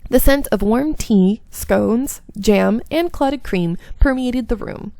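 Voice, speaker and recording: Gravelly woman reading a visual novel. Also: fairly high pitch, takes it slowly, mellow, no echo. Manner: reads narration with small slips and asides. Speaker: game streamer.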